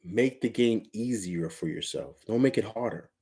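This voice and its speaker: A man's voice: on the low side, moderate pace, warm tone. Emphatic man hosting live sports talk. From Harlem, New York. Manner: emphatic, repeats phrases, coaching tone. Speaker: sports talk show host.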